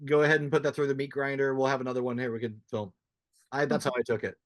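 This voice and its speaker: With a flat delivery and quick pace, a man in a mid-range voice hosts a casual interview podcast. He rambles frankly and frequently starts his thoughts over. The recording has no echo.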